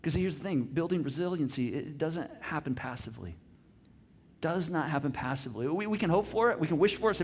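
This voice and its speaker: A middle-aged man preaching a sermon as pastor, animated, swinging from loud emphasis to soft hushed lines and asking the congregation questions. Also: fairly high pitch, brisk, slight background noise. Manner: repeats words on restarts, asks the congregation questions.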